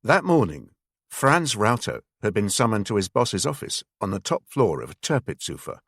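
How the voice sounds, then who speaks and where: A man narrating a thriller audiobook in a measured, expressive way. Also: lowish voice, breathy edge, no room sound, clean studio sound. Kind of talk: scripted narration.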